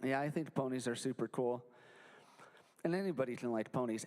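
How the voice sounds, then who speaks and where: A man's voice: mid-range voice, brisk, pauses often, long reverb tail. A young man performing a goofy, interactive children's show with a live audience at a library. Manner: goofy, animated, jokey with the kids. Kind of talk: playful kids' show with sing-along.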